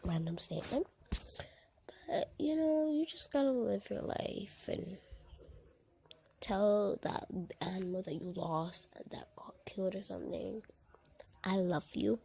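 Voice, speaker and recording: A woman vlogger recording a soft, hushed and emotional voiceover. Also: mid-range voice, measured pace, creaky, breathy edge. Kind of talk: vlog voiceover.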